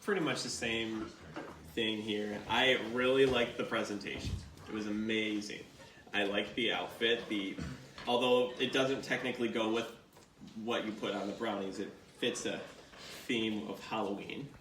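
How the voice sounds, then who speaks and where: A man judging a home baking show, measured and polite. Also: lowish voice, steady tone, a bit bright, a little hiss or hum. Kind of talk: casual judging chat. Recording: echoey room, distant mic.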